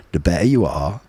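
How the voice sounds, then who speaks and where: A man in his forties telling a story in a casual podcast conversation, animated and blunt, with plenty of swearing. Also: sits low, breathy edge, no room sound. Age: 40s. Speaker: podcast guest, former bare-knuckle fighter.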